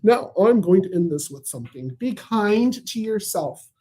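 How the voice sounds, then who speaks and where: A man's voice: high voice, animated, normal speed, warm tone. A man hosting a casual comedic positive-news recap, rambling and jokey. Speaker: host of a weekly positive news show. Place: at home in Tulsa.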